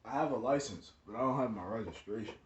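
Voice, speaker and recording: A flustered middle-aged dad answering in a lowered, hesitant voice, as his son puts him on in a storytime. The sound is echoey and dull, with a lo-fi edge. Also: fast talker, recorded from a distance, close to an everyday voice.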